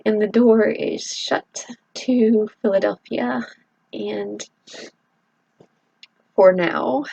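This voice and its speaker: A middle-aged woman from Southeast Texas talking in a halting, earnest confessional vlog, with many pauses and fillers. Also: medium pitch, steady tone, creaky, a little mellow, breathy edge, no echo, muffled recording. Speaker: vlogger.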